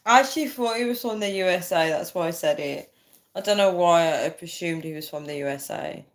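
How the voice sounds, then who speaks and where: A woman's voice: lowish voice, normal speed. A woman hosting a casual livestream, reading out viewer comments, tired and often breaking into fits of laughter. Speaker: livestream host.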